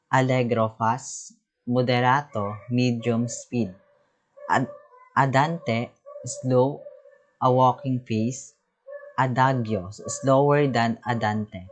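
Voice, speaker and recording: Slow, halting male music teacher. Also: mid-range voice, poor audio. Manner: halting, reads terms and definitions with restarts. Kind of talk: reading lecture slides.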